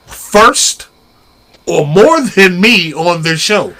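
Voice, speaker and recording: A man's voice: high voice, very animated, extremely slow, bright, forceful tone. A man co-hosting a podcast, in casual teasing banter with frequent laughs. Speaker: podcast co-host.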